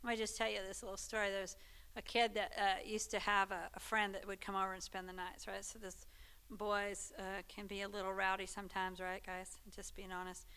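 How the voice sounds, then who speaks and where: A woman's voice: mid-range voice, level tone, fairly quick, bright, forceful tone, clear, resonant tone. A woman teaching a Sunday school class in a conversational way, often checking in with her listeners. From Texas. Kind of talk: church teaching talk.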